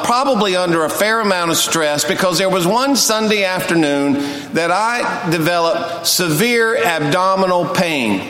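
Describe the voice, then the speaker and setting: An older man serving as pastor spins folksy, funny stories in a sermon, alternating between brisk and stretched-out delivery. He has a fairly high, somewhat bright voice. The recording carries the echo of a church sanctuary and a bit of faint noise.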